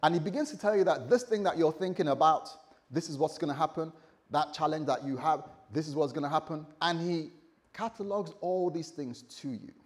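A man preaching a lively sermon, acting out voices and laughing as he tells the story. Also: fairly high pitch, fairly quick. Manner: animated storytelling, acts out voices, laughs often. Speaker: pastor.

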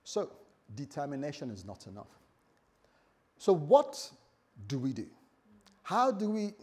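Animated husky male pastor preaching. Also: fairly high pitch. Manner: animated, swings between loud and soft, acts out voices. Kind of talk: sermon.

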